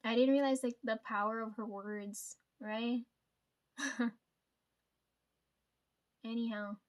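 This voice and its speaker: A woman with a high-pitched voice chats straight to her viewers. She rambles through a story, swears freely and keeps tagging her sentences with "like" and "right?". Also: steady tone, takes it slowly. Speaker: vlogger. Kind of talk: casual storytime chat.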